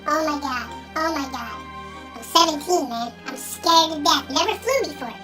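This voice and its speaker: A man voicing his younger self as a scared teenage boy, high, breathy and frantic. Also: sing-song, normal speed, music in the background. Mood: panicked.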